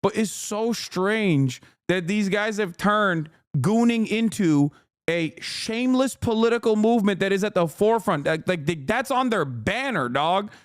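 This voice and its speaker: High-voiced ranting male streamer. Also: lively intonation, measured pace, smooth, no room sound, clean studio sound. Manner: ranting, profane, mocking voices in bursts. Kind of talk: casual livestream commentary.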